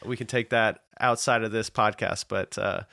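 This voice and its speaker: A man appearing as a podcast guest, chatting casually and joking in a slow, deadpan way. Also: on the low side, gravelly, no room sound, studio quality. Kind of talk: casual chat with deadpan jokes.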